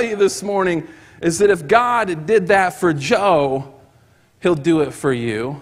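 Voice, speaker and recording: Male preacher, fairly high voice, animated storytelling sermon, long church-hall echo. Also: slow. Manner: acts out quoted voices, rising to excited shouts.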